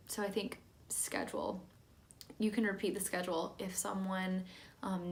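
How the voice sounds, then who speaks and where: A young woman teacher giving a calm, plain training talk to church volunteers, with many "um" fillers. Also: on the low side, creaky, a little hiss or hum. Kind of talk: instructional talk.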